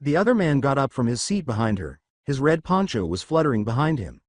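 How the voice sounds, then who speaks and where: A man narrating a fan story in a steady reading voice. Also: mid-range voice, fairly quick, no room sound, studio quality. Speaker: fanfiction narrator.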